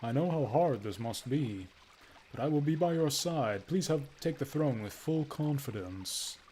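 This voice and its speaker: A man voicing a dutiful male knight who speaks slowly and solemnly, reading game dialogue aloud. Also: medium pitch, expressive, dark tone, a little hiss or hum, close to an everyday voice. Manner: slow, solemn, formal.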